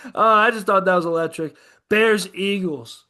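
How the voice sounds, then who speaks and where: A man's voice: sits high, moderate pace, sharp tone. A man co-hosting a casual sports podcast, rambling and profane about football teams. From American Midwest. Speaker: podcast co-host.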